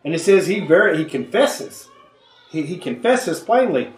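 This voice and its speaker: A man leading a conversational Bible study, animated and acting out the voices he quotes. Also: high-pitched, moderate pace, reverberant, far from the mic. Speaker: Bible teacher.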